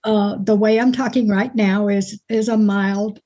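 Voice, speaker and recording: Woman, mild Alabama accent, mellow, folksy, chatty interview guest. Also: medium pitch, steady tone, a little slow. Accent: mild Alabama Southern. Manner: folksy, chatty storyteller who laughs easily. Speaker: actress guest. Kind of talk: casual interview chat.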